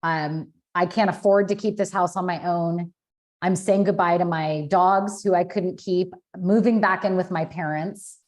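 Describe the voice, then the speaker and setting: A woman's voice: lowish voice, fairly even intonation, measured pace, darkish tone. A woman in her thirties, a podcast guest, telling a personal story in a candid, emotional way with many fillers. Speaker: podcast guest, business founder.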